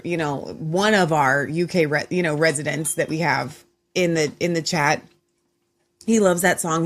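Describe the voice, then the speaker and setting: A woman hosting her own show, talking in a chatty, rambling way with frequent restarts. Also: low voice. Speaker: host. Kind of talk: casual chat.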